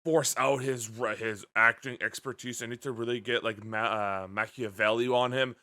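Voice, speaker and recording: A man doing an impression of a famous male action star, speaking in a slow, pompous way full of fumbling boasts. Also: medium pitch, steady tone, pushed and bright, pitched below the performer's own voice.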